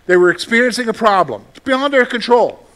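Man pastor with a high voice, casual conversational sermon, asks the room questions. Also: big pitch swings, brisk, fairly bright tone.

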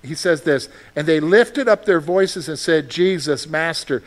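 A male pastor preaching a sermon, animated, with frequent rhetorical questions to his listeners. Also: fairly high pitch, unhurried.

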